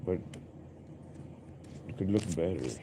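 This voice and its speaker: A man's voice: deep voice, slow, noisy background. A young man streaming live, rambling and musing aloud in an introspective way, often repeating himself.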